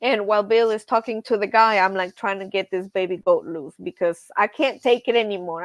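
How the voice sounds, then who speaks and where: A woman hosting a casual live stream, telling stories in an animated way and laughing often. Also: on the high side, moderate pace, dry recording. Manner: animated storyteller, says y'all, laughs often. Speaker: livestream host.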